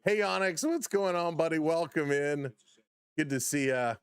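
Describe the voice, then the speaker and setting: A man hosting a live baseball play-by-play stream, excitable on big plays, chuckling often and greeting chat viewers by name. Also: fairly high pitch, normal speed, clean tone, dry recording.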